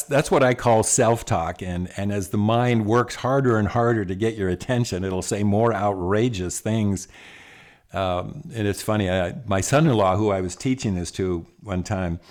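An older man talks in a relaxed, folksy way, his voice sitting low. He restarts phrases, repeats words and chuckles as he goes. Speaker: speaker on self-talk and the mind. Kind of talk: casual talk.

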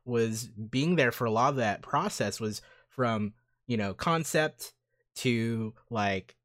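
A man's voice: mid-range voice, animated, slow, a bit bright. A man in his thirties reminiscing in casual chat, enthusiastic and fond, calling his friend dude.

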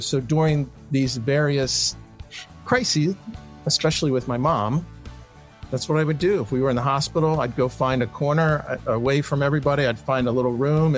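A man in a played clip, calmly telling a personal account in a conversational way. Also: mid-range voice. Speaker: interviewee clip.

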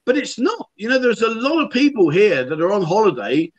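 This man's voice sits high, swings widely in pitch, and moves briskly. Hosting a livestream chat show, he's a chatty storyteller who reads viewer comments aloud in casual conversation.

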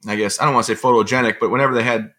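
Fast-talking man with a bright voice. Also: mid-range voice. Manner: fast, animated storytelling with rambling asides. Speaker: interview guest. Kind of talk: conversational storytelling.

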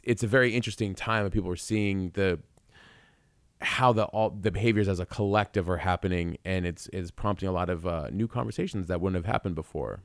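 A man's voice: low-pitched, gravelly, no echo, clean studio sound. A man hosting a casual spiritual conversation, speaking in a rambling, reflective way. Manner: rambling, many fillers, reflective.

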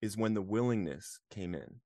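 A man's voice: fairly low pitch, normal speed, no echo, studio quality. A man as an interview guest, sharing a personal story earnestly and emotionally, breaking into laughs now and then. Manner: earnest, laughs often, animated when reliving moments.

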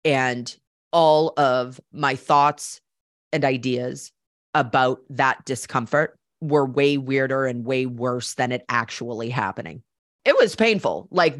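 A woman's voice: deep voice, fairly bright tone, dry recording. A woman hosts a personal storytelling podcast on a close mic, speaking in a candid, conversational way with the odd casual curse. Her voice sits in a middle register and the sound is dry, with no room around it. When she draws lessons from the story, she turns reflective and earnest. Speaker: podcast host.

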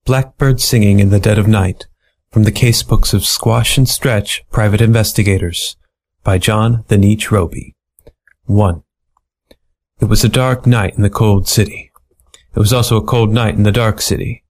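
A man reading a funny noir animal story aloud with a playful, deadpan delivery. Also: on the low side, moderate pace. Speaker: story reader. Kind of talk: storybook narration.

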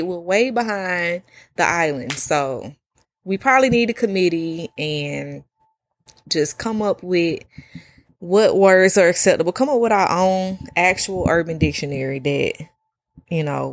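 A woman, hosting a casual solo podcast and talking in an animated, slangy way with free swearing. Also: on the low side. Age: 30s. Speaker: podcast host.

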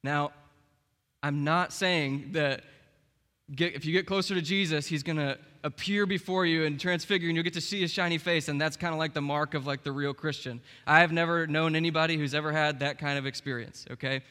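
A man's voice: a little high, steady tone, a little fast, sharp tone. A young man preaching a sermon as pastor, in a casual, conversational way with frequent "like" and "okay". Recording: long reverb of a large hall.

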